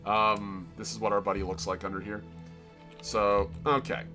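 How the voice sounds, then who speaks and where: Over music, a man from Florida with a Floridian accent and a fairly low, fairly flat voice talks at normal speed. He chats casually on a live stream, rambling and interrupting himself as he explains the drawing he's working on.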